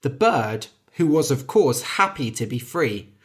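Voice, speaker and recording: A storyteller reading a fairy tale aloud slowly and clearly for English learners. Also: medium pitch. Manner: slow, clear, lively delivery.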